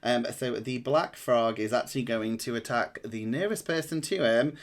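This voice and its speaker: A man acting as dungeon master, narrating a tabletop game in a relaxed, rambling way with many pauses and ums. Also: medium pitch.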